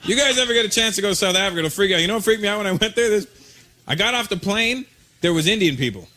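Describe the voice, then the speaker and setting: A man from Canada performing a stand-up comedy routine, telling stories in an animated, punchy way with frequent asides. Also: high voice, rapid-fire. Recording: loud noise, live club with crowd laughter.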